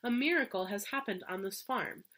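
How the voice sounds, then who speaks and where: A woman's voice: medium pitch, expressive, normal speed, fairly bright tone. Woman reading as an earnest, shaken farmer. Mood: excited. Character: middle-aged farmer, solemn and shaken.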